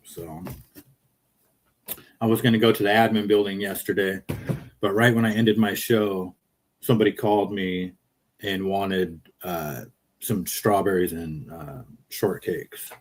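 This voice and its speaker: A man's voice: low voice, steady tone, a little slow, pauses often. A man hosting a casual livestream from his car, rambling and joking as he reads viewer comments aloud. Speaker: livestream host.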